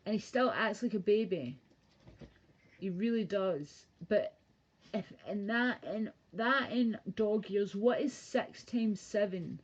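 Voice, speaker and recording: A woman's voice: medium pitch, slow pace. A young woman chatting casually and crudely on a home live stream, rambling and laughing. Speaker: livestreamer. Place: home bedroom. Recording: dull lo-fi stream audio.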